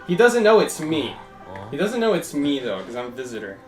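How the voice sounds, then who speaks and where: A man's voice: fairly high pitch, sing-song, brisk, music in the background. A young man giving chatty, casual commentary while live-streaming a game and thanking his viewers.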